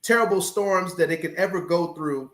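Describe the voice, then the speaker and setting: A man's voice: sits high, moderate pace, a bit bright, echoey room. A man who is a pastor and a guest on a talk show, preaching with building passion and repeating key phrases. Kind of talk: preaching in a podcast interview.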